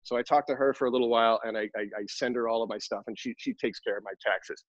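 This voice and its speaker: A man co-hosting a podcast rambles through joking stories at a middle pitch. The dry recording sounds a little dull and lo-fi. He talks in a loose, casual way. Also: steady tone, quick pace, no echo. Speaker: podcast co-host.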